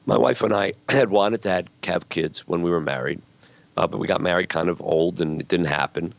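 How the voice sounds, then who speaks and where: A man's voice: low voice, brisk, creaky, no echo. A man in his sixties, a guest author telling stories earnestly and reflectively in a conversational interview. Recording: dull lo-fi sound.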